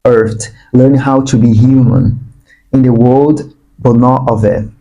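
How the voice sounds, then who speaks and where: A man giving an earnest, spiritual channeled tarot reading, sometimes breaking into excited bursts. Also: mid-range voice, slow pace, highs cut off. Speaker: tarot reader.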